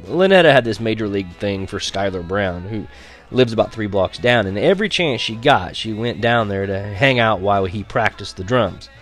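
Wry man narrating an audiobook, soft music under. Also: fairly low pitch, expressive, normal speed. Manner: wry, chuckling storyteller. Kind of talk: scripted narration.

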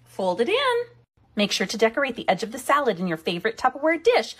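A woman's voice: a little high, wildly swooping pitch, quick pace, husky, voice pushed up, exaggerated voice. A woman playing a chirpy church-potluck mom with a Minnesota accent in a comic cooking video.

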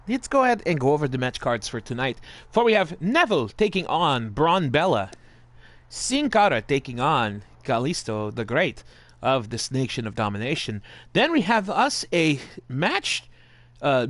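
A man's voice: on the high side, a bit bright, dry recording. A male host of a live-streamed wrestling game show, putting on a jokey Italian-style accent and chatting casually with viewers, with the odd swear. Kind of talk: playful live-stream commentary.

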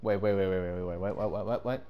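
A man giving casual gameplay commentary in slangy speech, swinging between yelling and mumbling. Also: low-pitched, racing, dull audio. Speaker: gamer. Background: game music.

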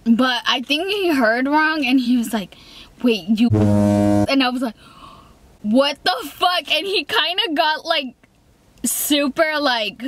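A woman's voice: high voice, huge pitch swings, slow pace, no room sound. A young woman telling a storytime in a casual, rambling way, full of fillers and restarts, often laughing and quoting herself. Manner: giggly, laughs between lines. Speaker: vlogger.

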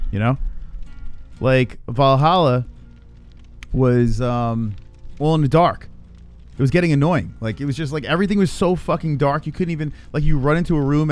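A man talks through a horror game on a live stream, swearing freely and quick to startle. He mocks his own poor play in a casual, middle-pitched voice. Faint music plays behind him at his computer. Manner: swears a lot, jumpy, self-mocking. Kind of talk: live gameplay commentary. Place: home room with gaming computer.

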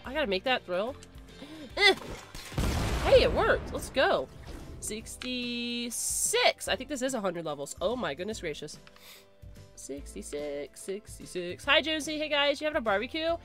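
Over music, a woman with a voice on the high side streams a game live at a measured pace, her pitch swinging widely. She keeps up a running chatter of reactions, repeats phrases in a rush, and shrieks whenever things go wrong.

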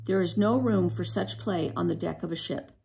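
A strict father scolding his daughter on the deck of a ship, sharp and raised, with a gravelly crackle in the voice, as a woman reads the part aloud from a storybook. The line comes out louder and higher than the storybook narration around it. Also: moderate pace. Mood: stern scolding. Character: stern strict father, sailing captain.

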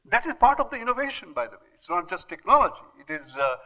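An older man with an Indian English accent giving an academic lecture, emphatic and animated, with many rhetorical questions and fillers. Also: high voice, fast, poor audio. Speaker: guest lecturer. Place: lecture hall.

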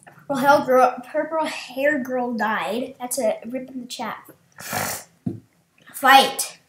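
A young woman talks through an online game in a high, bright voice, taking her time between calls. She gets excitable and breaks into shrieks when she wins. The sound is roomy and echoey, with faint background noise. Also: takes it slowly. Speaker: gaming video creator. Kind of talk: casual game commentary.

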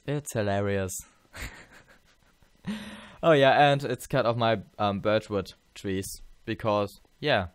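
A tired man talks through his let's play, rambling and halting, full of fillers and restarts. His voice sits a little low and sounds smooth and clean. The sound is dry and close. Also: no room sound. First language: German. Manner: rambling, halting, many fillers and self-corrections. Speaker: gameplay channel host.

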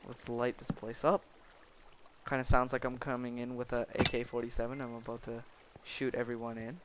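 A young man giving excitable, rambling commentary while playing a block-building game and joking with the creatures he meets. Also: medium pitch, moderate pace, noisy background. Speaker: gaming video creator. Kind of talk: Minecraft let's play commentary.

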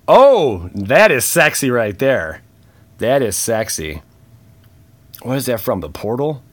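A man hosting a casual card-opening video, talking in a relaxed, slangy way and reading card names aloud with quick bursts of excitement and muttered asides. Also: fairly low pitch, slight background noise. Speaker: channel host opening trading cards. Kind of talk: casual unboxing chat.

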